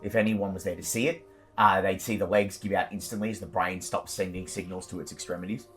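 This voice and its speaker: A man narrating a dark tabletop fantasy game as dungeon master, with vivid, gory descriptions and frequent fillers like "uh" and "like". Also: low-pitched, steady tone, fast, soft background music.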